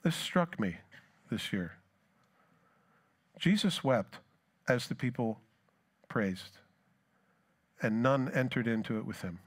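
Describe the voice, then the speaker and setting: A man's voice: medium pitch, very animated, takes it slowly, pauses often. A man preaching a sermon as pastor, earnest, reading scripture aloud with rising force and then talking it through plainly. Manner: earnest, repeats words when restarting.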